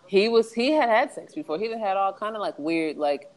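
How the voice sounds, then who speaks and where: A young woman with a mid-range voice tells candid personal stories in a loose, lively way. She laughs often and slips into quick acted-out quotes of other people. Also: mid-range voice, rough recording. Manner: animated storyteller, laughs often, acts out quotes. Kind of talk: candid casual chat.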